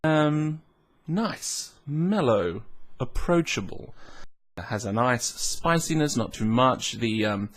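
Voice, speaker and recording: A man of ordinary pitch talks through a tasting in a relaxed, rambling vlog manner. He hums between thoughts, restarts his sentences and pokes fun at himself. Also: slow. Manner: musing, rambling, self-mocking, with hums and restarts. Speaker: whisky reviewer.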